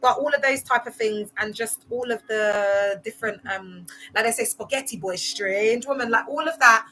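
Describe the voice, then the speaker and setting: A woman's voice: a little high, normal speed, pushed and bright, faint music behind, poor audio. A young woman who talks in a sassy, slangy way and often laughs, chatting casually on a livestream about cults. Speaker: vlogger discussing cults.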